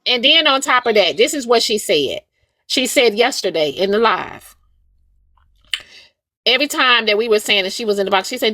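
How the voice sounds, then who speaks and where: A woman's voice: medium pitch, lively intonation, moderate pace, pushed and bright, no room sound. Woman host, casual live chat, emphatic and repetitive, dry close sound. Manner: emphatic, repetitive, addresses listeners as "y'all".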